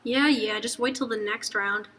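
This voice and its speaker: A woman's voice: on the high side, steady tone, moderate pace, fairly bright tone, a little hiss or hum, natural voice. A woman reading as a dry, sarcastic drunk young man. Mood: impatient.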